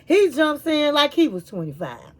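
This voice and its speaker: A woman's voice: high voice, moderate pace. Chatty woman recapping reality TV. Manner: chatty, animated storytelling with "honey" and "baby" asides. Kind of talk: casual show recap.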